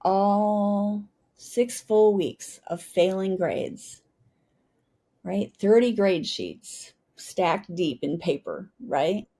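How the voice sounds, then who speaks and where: A woman's voice: mid-range voice, animated, drawn-out words, warm tone. A middle-aged woman from the United States, a retired Army pilot, telling her story as a guest and often asking "right?". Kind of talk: storytelling interview.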